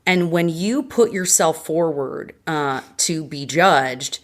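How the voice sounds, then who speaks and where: A woman's voice: sits low, slow. A woman from Vermont, a podcast guest, telling her personal story in an earnest, emotional and frank way.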